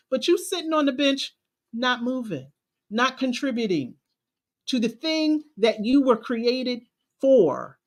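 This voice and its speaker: A woman's voice: sits high, expressive, fairly bright tone. A woman confidence coach, giving an emphatic, preachy motivational talk. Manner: preachy, emphatic, drawn-out phrasing.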